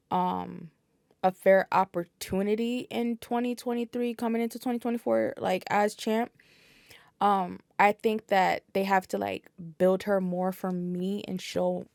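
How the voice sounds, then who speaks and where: A woman's voice: on the low side, creaky, a little mellow, dry recording, studio quality. Blunt, foul-mouthed woman podcast guest. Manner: blunt and profane, with frequent fillers. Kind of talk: casual podcast chat.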